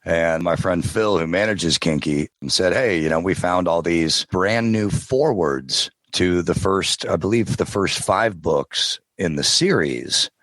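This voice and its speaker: A man telling stories as a podcast guest in casual interview chat, relaxed, now and then trying out character voices. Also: deep voice, a little slow, hardly any pauses, no echo, studio quality. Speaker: podcast guest, audiobook narrator.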